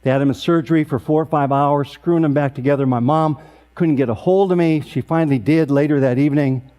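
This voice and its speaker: A man in his sixties, emceeing an awards event, telling a funny family story in a deadpan way with sharp comic timing. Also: fairly high pitch, quick pace.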